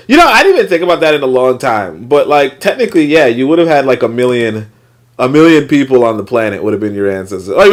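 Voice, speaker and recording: Male host, casual rambling commentary on a reading, filler-heavy and blunt. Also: mid-range voice. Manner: rambling, loose, many fillers and restarts, swears.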